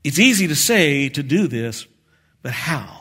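A man preaching a sermon as pastor, measured and earnest with light touches of humor. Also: fairly high pitch, big pitch swings, a bit bright, husky.

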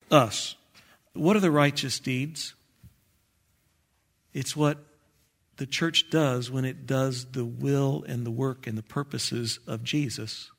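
A man preaching a sermon, swinging between loud exclamations and quiet, intense asides. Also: medium pitch. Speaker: pastor. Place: church sanctuary.

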